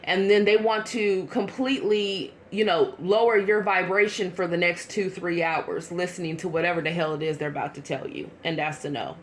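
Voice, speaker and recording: A woman's voice: on the low side, normal speed, few pauses, a little hiss or hum. Chatty blunt woman reading tarot. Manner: chatty, blunt, animated with asides. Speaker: tarot reader. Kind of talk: casual tarot reading monologue.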